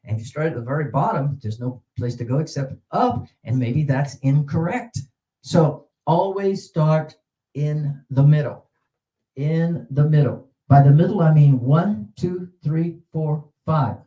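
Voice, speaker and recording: A man leading a teaching seminar, animated and demonstrative, with sudden jumps in pitch. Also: a little slow, highs cut off. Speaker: teacher trainer. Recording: roomy echo.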